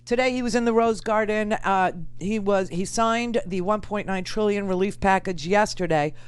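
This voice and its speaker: A woman's voice: mid-range voice, normal speed, clear, resonant tone. Sarcastic combative talk radio woman. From United States. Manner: sarcastic, combative, laughs often. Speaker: radio talk show host. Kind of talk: political talk radio commentary.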